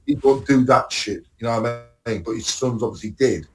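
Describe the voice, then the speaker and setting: A man's voice: mid-range voice, a little fast, soft background music. A man co-hosting a podcast, casually recapping TV episodes, rambling and swearing, acting out scenes. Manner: rambling, swearing, acts out scenes with bursts of excitement. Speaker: podcast co-host. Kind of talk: casual chat about TV shows.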